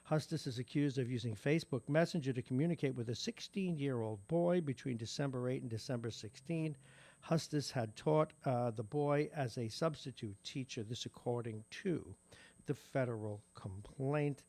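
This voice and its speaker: A man's voice: medium pitch, normal speed, a little mellow. A man with a New York accent hosting a morning radio show, reading local news with wry asides. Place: radio studio.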